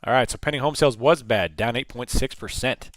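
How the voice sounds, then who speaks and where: A man's voice: medium pitch, fairly quick, no echo. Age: adult. Sex: man. Role: live trading stream host. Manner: chatty, thinks aloud. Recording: dry, close. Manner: chatty, thinks aloud, repeats and restarts phrases. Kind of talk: casual live market commentary.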